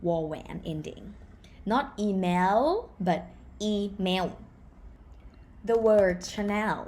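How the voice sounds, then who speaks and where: A woman with a Thai accent teaches pronunciation in an online lesson, speaking slowly and repeating each word to contrast its sounds. She is a native Thai speaker with a mid-range voice. Faint noise sits behind her. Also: medium pitch, a little mellow.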